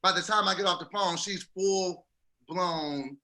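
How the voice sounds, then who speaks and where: Unhurried, his voice sitting high, a podcast co-host tells a story in easygoing chat, bringing it to life by animatedly acting out the quotes.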